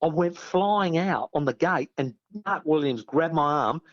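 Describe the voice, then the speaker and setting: A middle-aged Australian man telling lively anecdotes as a podcast guest, slipping into loud voices for his friends. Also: fairly high pitch, a little slow, muffled recording. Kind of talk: storytelling on a podcast.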